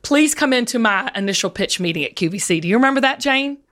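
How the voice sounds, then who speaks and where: A woman guest in casual chat, an excited, gushing storyteller who gets emotional. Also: a little high, fast talker. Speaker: podcast guest, TV seller.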